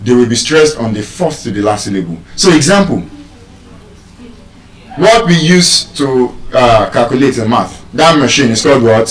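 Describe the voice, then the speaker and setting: A Nigerian man teaching English word stress to a live audience, animated and quizzing the crowd with questions. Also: medium pitch, normal speed. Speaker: public speaker teaching pronunciation. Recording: echoey hall, voice from far off.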